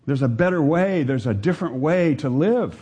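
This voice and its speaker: A pastor preaches to his congregation in an animated sermon, his voice climbing to drive each point home. His tone is mellow and a little husky. He pauses to put questions to the people listening. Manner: animated preaching, rises in pitch to stress points, asks the congregation.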